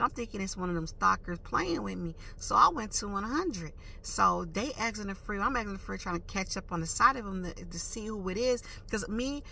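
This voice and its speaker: A woman with a very bright, piercing voice tells a story straight to camera in a casual, slangy way. She punches her points with sound effects and rising emphasis. Her pitch sits in a middle range. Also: gravelly, slight background noise. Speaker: vlogger.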